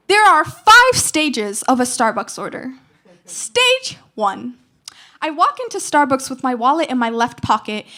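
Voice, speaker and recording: High-voiced teen girl performing slam poetry. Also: pushed and bright. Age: teens. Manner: rhythmic, emphatic recitation with dramatic pauses. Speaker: slam poet. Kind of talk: spoken word poetry performance.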